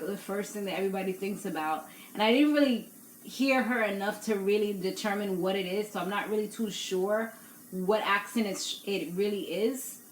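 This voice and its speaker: A young woman talks through a reality TV episode in a loose, opinionated way and laughs easily. Her voice sits at a middle pitch. It bounces around a roomy, echoey space with a faint hiss behind it. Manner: chatty, opinionated, laughs often. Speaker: YouTube recap host. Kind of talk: casual reality TV recap. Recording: echoey room with faint noise.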